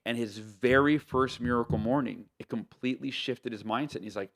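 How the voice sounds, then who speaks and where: A man from the United States, an author, telling stories as a podcast guest in an animated way, with lots of fillers and restarts. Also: medium pitch, brisk, few pauses. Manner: animated, loose talk with many fillers and self-corrections. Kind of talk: casual storytelling interview.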